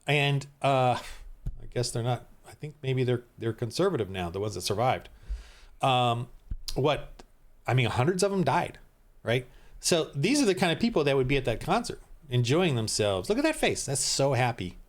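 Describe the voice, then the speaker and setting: A man's voice: medium pitch, sing-song, normal speed. A middle-aged man giving heated, rambling reaction commentary as a Christian commentator, often restarting his sentences.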